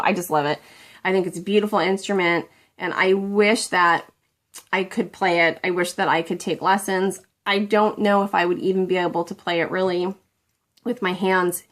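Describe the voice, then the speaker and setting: A middle-aged woman talks straight to the camera in a loose, rambling way, often poking fun at herself. Her voice sits at an ordinary middle pitch. The chat is relaxed and homey. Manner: chatty, rambling, self-deprecating. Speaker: beauty vlogger.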